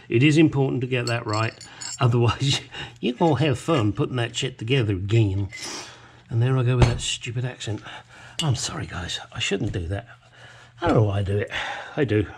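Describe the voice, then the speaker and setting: A man's voice: lowish voice, breathy edge. A man demonstrating a hands-on repair at his workbench, rambling with cheeky self-deprecating asides. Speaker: home mechanic presenter.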